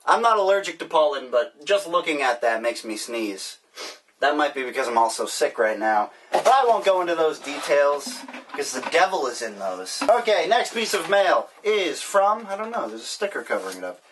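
A man's voice: on the high side, sing-song, normal speed, a bit bright. A man hosting a casual mail-opening vlog, joking and rambling sarcastically as he opens packages. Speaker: vlogger. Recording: distant mic, faint hiss.

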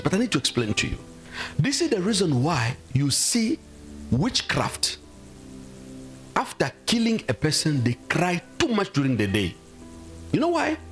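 A man preaching a sermon as pastor, emphatic and exhorting, often calling out hallelujah. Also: on the high side. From South Africa.

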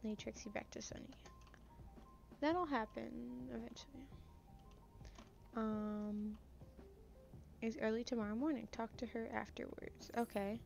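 A woman's voice: fairly high pitch, steady tone, measured pace, vocal fry, long pauses, a little mellow, soft background music. A woman casually commenting on a game she plays, chatty and playful, reading the dialogue aloud as she goes. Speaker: gamer. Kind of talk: casual let's-play commentary. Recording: dull lo-fi, faint noise.

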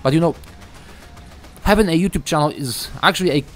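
A young man giving a ranting gameplay commentary, frustrated and swearing, halting with many fillers. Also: on the high side. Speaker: gaming YouTuber.

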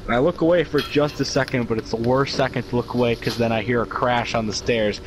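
A man's voice: mid-range voice, fairly even intonation, fast, noisy background. A young man, co-hosting a casual podcast, rambling through his own stories with many fillers. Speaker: podcast co-host. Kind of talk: casual storytelling chat.

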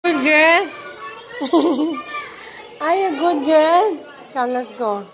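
A woman's voice: high-pitched, extremely slow, music in the background. A woman, a mother, chatting with her toddler in simple, sing-song baby talk in a home vlog.

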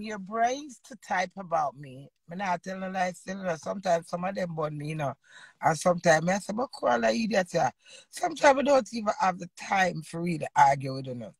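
A Jamaican woman in her fifties, an entertainer and host, ranting loudly in an unscripted live video and swearing freely. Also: medium pitch, husky, dry recording. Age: 50s. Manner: loud, combative, swearing freely.

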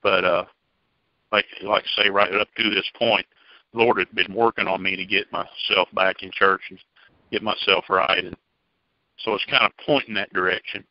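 A man's voice: deep voice, little pitch movement, moderate pace, no room sound. A middle-aged man giving a personal testimony to a church group in a folksy, plainspoken storytelling manner. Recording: dull, dry lo-fi recording.

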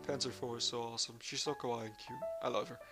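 A man's voice: mid-range voice, fast talker, music in the background. A man playing a visual novel, reading the narration aloud and making crude jokes between lines. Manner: joking, crude, reacts loudly between calm narration. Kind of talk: let's play commentary and narration.

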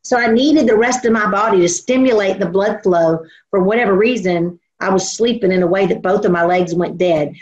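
A woman preaching a sermon in an earnest, storytelling way, slowing down to stress her points. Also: medium pitch, darkish tone. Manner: earnest, storytelling, slows for emphasis. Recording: dull lo-fi recording.

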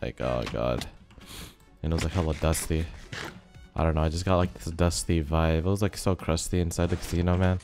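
A young man giving relaxed, rambling commentary over a game, his voice a bit rough from being sick. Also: sits low, brisk. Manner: rambling, filler-heavy, laid-back. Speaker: gaming video host. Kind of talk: casual commentary over gameplay. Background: faint background music.

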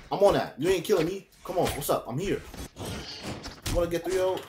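A young man, hosting a gameplay channel, trash-talking opponents and shouting when matches heat up. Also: high-pitched, fast talker, pauses often, noisy background. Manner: excitable trash talk, shouts and taunts when fighting. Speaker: gaming channel host. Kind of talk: gameplay commentary.

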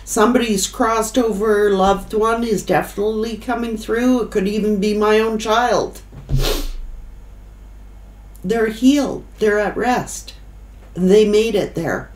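Emotional woman doing a slow tarot reading. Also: mid-range voice, a little mellow, roomy sound, low-quality recording. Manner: emotional, choked up, pausing. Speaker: tarot reader.

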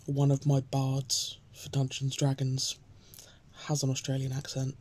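A woman chatting casually to her viewers and reading a poem aloud, soft-spoken and often slipping into a whisper. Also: a bass voice, completely flat delivery, measured pace, a little hiss or hum. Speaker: host of a daily poem reading. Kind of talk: casual chat and poetry reading.

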